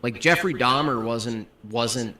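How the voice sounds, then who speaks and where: A man joining a livestream as a guest, chatting with offhand, deadpan quips. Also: medium pitch, takes it slowly. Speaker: guest streamer. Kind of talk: casual livestream chat. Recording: noisy remote stream audio.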